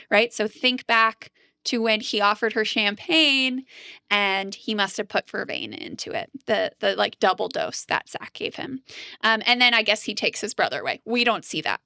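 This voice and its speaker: A woman co-hosting a chatty podcast, retelling scenes with lively, animated storytelling and plenty of "like". Her voice is bright and crisp, recorded close and dry. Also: mid-range voice, normal speed, no room sound. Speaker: podcast co-host. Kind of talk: casual recap chat.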